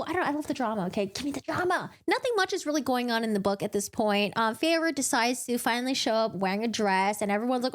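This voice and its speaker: A young woman hosting her channel, giving a chatty, giggly book recap and acting out the characters in quick put-on voices. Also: on the high side.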